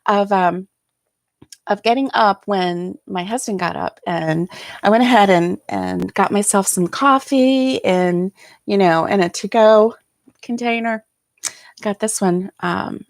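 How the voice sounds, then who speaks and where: An older woman hosting a casual livestream from her chair at home, talking softly and haltingly with many ums, tired and yawning. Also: medium pitch, creaky, dry recording, clean studio sound. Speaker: host.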